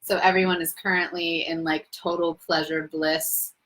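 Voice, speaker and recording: A woman's voice: fairly low pitch, flat delivery, moderate pace, a bit bright, rough recording. A young adult woman hosting a live Q&A as a coach, talking in an effusive, spiritual way and laughing easily. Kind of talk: casual live-stream talk.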